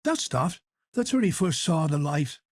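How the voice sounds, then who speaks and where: A man voicing an excitable, snuffling, gossiping middle-aged canvasser in an audiobook. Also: medium pitch, moderate pace, no room sound, natural voice. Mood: scornful gossip.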